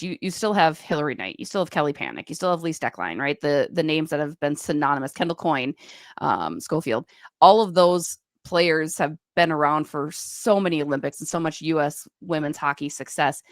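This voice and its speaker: Low-pitched woman podcast host, brisk stat talk, dry close mic. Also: no room sound. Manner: brisk, rattles off stats and names. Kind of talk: casual hockey chat.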